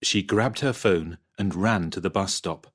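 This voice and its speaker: A man reading example sentences for a vocabulary textbook, clearly and expressively. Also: low-pitched, measured pace, fairly bright tone. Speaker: textbook audio reader.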